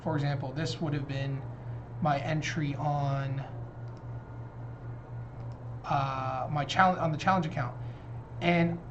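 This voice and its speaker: A young man hosting a trading live stream, calmly talking himself through his decisions and feelings in casual commentary. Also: a little high, background noise. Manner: thinking aloud, talking himself through emotions. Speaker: trading livestream host. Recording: dull lo-fi stream audio with faint music.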